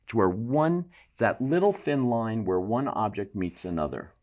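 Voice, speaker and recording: Low-voiced man teaching painting. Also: normal speed, muffled recording. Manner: relaxed, explanatory, thinks aloud while painting, self-deprecating asides. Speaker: painting instructor. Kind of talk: painting demonstration.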